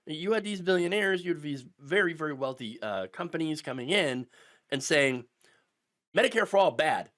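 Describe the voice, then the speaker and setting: A man hosting a political commentary vlog, sarcastic and animated, punctuating his points with "okay?". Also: a little high, moderate pace. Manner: animated and sarcastic, with constant "okay?" tags and mocking mimicry.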